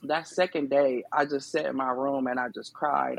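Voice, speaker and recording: Gravelly-voiced woman telling her story. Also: low-pitched, a little slow, hardly any pauses, no room sound. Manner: emphatic, conversational, lots of fillers. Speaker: podcast guest. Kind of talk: casual testimony.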